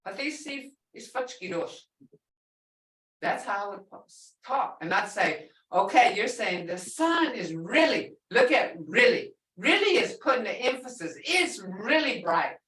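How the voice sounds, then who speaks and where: A middle-aged woman teaching a language class, drawing out words slowly and carefully as she explains. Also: mid-range voice, recorded from a distance. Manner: lively, drawn-out teaching with slow spelled-out phrases. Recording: echoey room, voice a bit off-mic.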